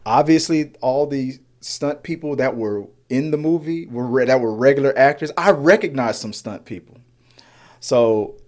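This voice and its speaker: A man's voice: mid-range voice, moderate pace, a little mellow. Rambling man co-hosting a movie podcast. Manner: rambling, many restarts and fillers. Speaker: podcast co-host. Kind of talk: casual movie review chat.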